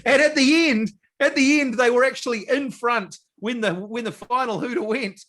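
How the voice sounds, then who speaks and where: High-voiced, animated New man. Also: normal speed, slight background noise. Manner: animated, blunt, swears and laughs often. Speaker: podcast co-host. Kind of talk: casual sports chat.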